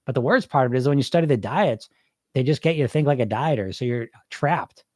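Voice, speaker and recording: A man's voice: mid-range voice, expressive, quick pace, darkish tone, dry recording, studio quality. A man hosting a weight loss coaching podcast, talking casually and energetically with frequent restarts and asides while answering listeners live.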